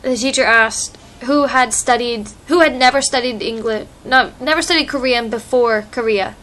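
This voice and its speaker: A woman's voice: on the high side, normal speed, fairly bright tone. Chatty young woman vlogging on a phone. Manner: chatty, rambling, many "like" and "um" fillers. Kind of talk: casual vlog chat. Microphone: phone microphone.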